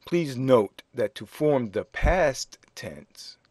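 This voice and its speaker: A man teaching a French lesson in English, explaining grammar slowly and spelling out words letter by letter. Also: medium pitch, expressive, a little mellow, dry recording. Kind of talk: slow classroom explanation.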